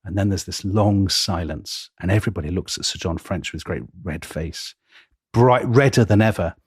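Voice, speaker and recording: Male podcast co-host, deep husky voice, dramatic storyteller. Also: normal speed, dry recording, studio quality. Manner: dramatic retelling, frequent laughs. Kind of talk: casual history podcast storytelling.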